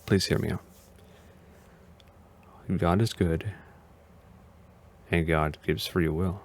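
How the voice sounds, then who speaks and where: A man's voice: low voice, steady tone, takes it slowly. A man hosting a casual video reaction as a vtuber, talking in a hesitant, rambling way and often sounding unsure.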